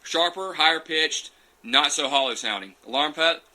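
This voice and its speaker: A man's voice: on the high side, moderate pace, bright, forceful tone, rough recording. A man answering viewer questions in a loose, chatty live session, recorded on a phone. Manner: chatty, loose and digressive, reading out comments as he goes. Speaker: champion turkey caller answering viewer questions. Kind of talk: casual live Q&A and demonstration.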